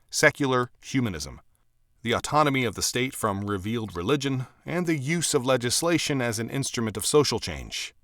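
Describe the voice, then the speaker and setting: Male reader, book chapter, emphatic delivery with animated pitch, dry close recording. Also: no echo. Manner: measured, emphatic reading with clear quote markers. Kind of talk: reading a book aloud.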